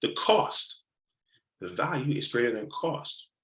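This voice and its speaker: A sales coach leads a live training session, animatedly acting out customer conversations and repeating key points for emphasis. He speaks slowly at medium pitch, and the recording has a roomy echo.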